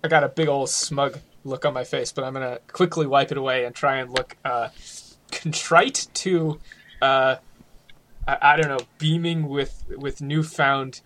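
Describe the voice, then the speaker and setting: Slow, hesitant man playing a tabletop game. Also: medium pitch, fairly even intonation, fairly bright tone, slight background noise. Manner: hesitant, stammering, laughs often. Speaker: player. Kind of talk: tabletop role-play.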